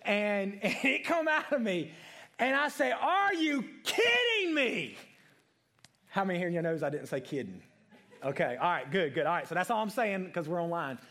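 A young adult man preaching a sermon, telling a personal story in an animated way and calling on people in the congregation by name. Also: sits high, fairly quick.

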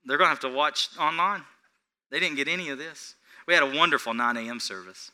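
A man's voice: a little high, fairly quick, sharp tone. A man, the pastor, preaching a sermon without notes and asking the congregation questions.

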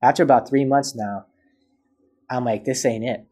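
A man's voice: medium pitch, steady tone, moderate pace, mellow. A man as a podcast guest, telling a personal story in casual chat and acting out both sides of past conversations.

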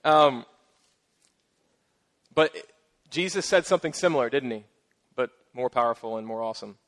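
A middle-aged man preaching a sermon as pastor, casual and playful with joking asides and lively emphasis. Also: mid-range voice, normal speed.

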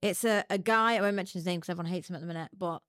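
A young woman guesting on a podcast, chatty and rambling, quick to laugh as she talks. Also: lowish voice, a bit bright, no room sound, studio quality. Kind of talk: casual podcast chat.

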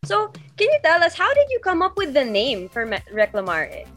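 A woman with a high voice encourages her guest in upbeat tones. Faint music runs underneath. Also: huge pitch swings, fairly quick, a bit bright. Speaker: co-host. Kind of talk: casual interview chat.

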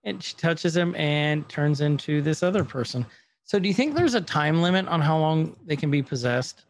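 A man's voice: a little high, lively intonation, moderate pace, no room sound. A man casually recapping a TV episode on a podcast, retelling scenes and quoting the characters as he goes. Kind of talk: casual chat.

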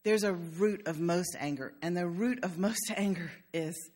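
A woman's voice: fairly low pitch, a little slow. An older woman pastor giving a conversational sermon in a church, telling stories with humor. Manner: warm storytelling with humor.

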